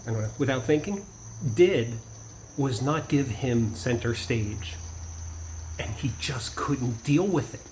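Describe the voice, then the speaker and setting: A man's voice: mid-range voice, a little mellow, slight background noise, poor audio. A man telling a personal story in a casual vlog, rambling with many restarts and asides. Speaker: vlogger.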